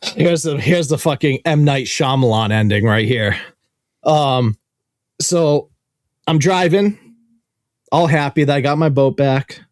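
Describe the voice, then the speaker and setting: A man hosting a podcast and telling a long story in an animated, profane, casual way. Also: mid-range voice, unhurried, pauses often, no echo, studio quality. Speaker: podcast host. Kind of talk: casual chat.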